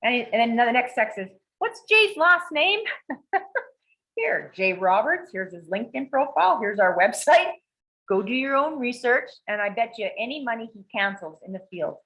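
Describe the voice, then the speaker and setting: A woman's voice: a little high, brisk, low-quality recording. A woman telling a story in casual chat, swearing freely and acting out the quoted lines of the people in it. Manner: profane, animated, acts out quoted dialogue. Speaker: podcast co-host. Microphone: video call.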